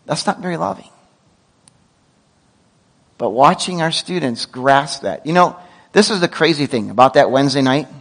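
Middle-aged man, pastor, sermon; bright high voice, lively anecdotal delivery with asides. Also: moderate pace, gravelly, long pauses, poor audio. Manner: animated storytelling with self-corrections and asides.

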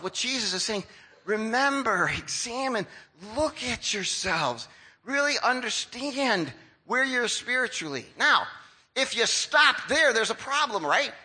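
A man around sixty preaching a sermon as a pastor, in a conversational, lively way that acts out the voices of the people he describes. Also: sits high, low-quality recording.

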